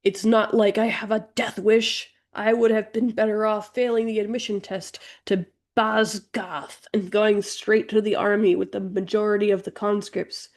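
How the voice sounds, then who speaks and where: A woman's voice: medium pitch, flat delivery, moderate pace, hardly any pauses, close to an everyday voice. Lady reading as a stubborn young girl recruit, defiant, bit of a crackly voice.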